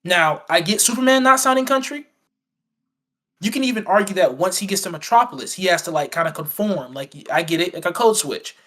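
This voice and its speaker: High-pitched guy going on about a movie, lots of restarts and acted-out quotes. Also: animated, fairly quick, pushed and bright. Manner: rambling, acts out quoted lines; frequent fillers and restarts. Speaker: podcast co-host. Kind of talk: casual film review chat.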